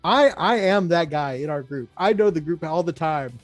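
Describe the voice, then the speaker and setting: Guy co-hosting a hobby stream, laughs a lot, fairly high voice, faint music behind. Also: moderate pace, no room sound. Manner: animated storyteller, laughs often, mimics friends. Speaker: co-host. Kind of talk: casual chat about tabletop gaming.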